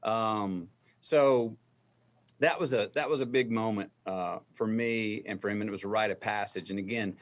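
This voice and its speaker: A middle-aged man, a guest telling a story in an interview, slow and deliberate as he acts out remembered dialogue. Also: fairly low pitch.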